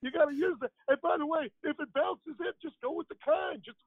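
A man imitating an excitable older basketball announcer, shouting with gushing enthusiasm over a phone line. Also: brisk, no echo. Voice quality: high shouting enthusiastic delivery.

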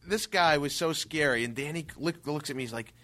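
A man's voice: fairly high pitch, brisk. Casual man telling stories on a talk show. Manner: casual, storytelling. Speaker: guest. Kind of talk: comedy talk show chat, telling a story.

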